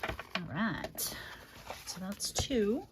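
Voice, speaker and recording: A woman's voice: medium pitch, animated, very slow, background noise. A middle-aged woman hosting a crafting livestream, chatting casually and fondly, calling viewers honey and rambling with many fillers.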